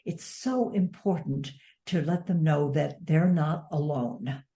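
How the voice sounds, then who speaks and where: Low-voiced older woman, earnest and mellow. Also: takes it slowly. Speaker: author and advocate. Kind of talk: interview conversation.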